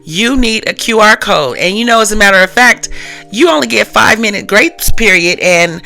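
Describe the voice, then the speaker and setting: A woman's voice: mid-range voice, expressive, moderate pace, creaky, bright, forceful tone, soft background music. A woman voicing a strict young female front-desk assistant who sticks to the rules. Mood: firm. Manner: firm, matter-of-fact.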